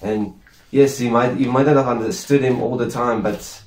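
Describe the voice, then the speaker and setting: A man's voice: medium pitch, steady tone, moderate pace, a little mellow. A man joining a casual chat as co-host, speaking hesitantly with many fillers and restarts. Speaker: co-host, her brother. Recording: echoey room.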